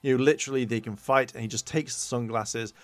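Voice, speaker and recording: A man of ordinary pitch recaps an episode in a loose, rambling way, piling on fillers and slipping into quick impressions of the characters. His voice sits close and dry, with no room sound around it. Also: fairly even intonation, no room sound. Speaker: podcast co-host reviewing a tokusatsu episode. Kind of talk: casual recap.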